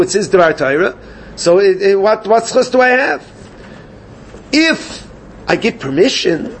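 A man teaching a Gemara class, animated and questioning his students. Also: high-pitched, slight background noise. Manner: animated, questioning students, mixes Yiddish and Hebrew terms. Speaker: Talmud teacher.

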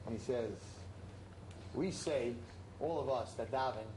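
A man teaching a class, telling a parable in an animated, emphatic way and repeating his points. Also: medium pitch, a little slow, background noise. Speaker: religious teacher. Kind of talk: storytelling lesson to a class. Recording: roomy echo.

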